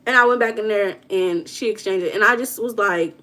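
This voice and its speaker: A woman chats on her livestream. She greets viewers by name and answers their comments. Her storytelling is loose and dramatic, and her voice sits at a middle pitch. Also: a little fast, few pauses, pushed and bright. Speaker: livestream host. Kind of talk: casual livestream chat.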